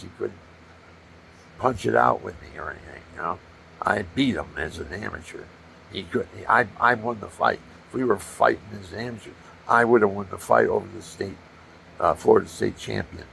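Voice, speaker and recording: An older man with a gravelly voice, rambling through personal stories and acting out punches with sound effects. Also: on the low side, a bit bright, slight background noise. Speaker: storyteller.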